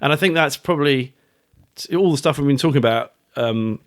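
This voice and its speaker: A man's voice: medium pitch, fairly quick. A middle-aged man from the United Kingdom, an author talking as a guest in a casual podcast interview, chatty, swearing, restarting his sentences often. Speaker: guest, author and fund manager.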